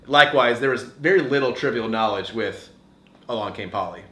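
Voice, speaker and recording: A man's voice: mid-range voice, brisk, a bit bright, reverberant. A young man co-hosting a podcast, telling long rambling stories with a chuckle, in casual chat. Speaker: podcast co-host.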